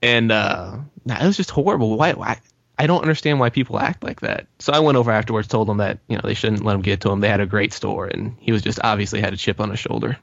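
Low-voiced man telling an anecdote. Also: fast talker, creaky, no echo. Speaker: podcast co-host. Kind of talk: casual storytelling chat. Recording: dull lo-fi sound, dry.

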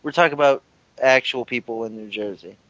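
A man's voice: mid-range voice, fairly quick, a bit bright, no room sound. A man chatting casually while planning a game, joking and laughing between words, over dry, slightly dull audio. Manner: jokey, laughs between words, restarts sentences.

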